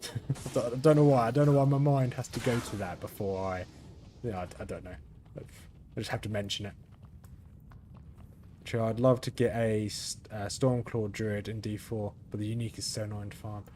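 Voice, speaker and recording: A man with a flat, monotone delivery giving casual gameplay commentary as the channel's host, rambling, correcting himself and chuckling now and then. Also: fairly low pitch, normal speed, a little hiss or hum. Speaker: gaming video host.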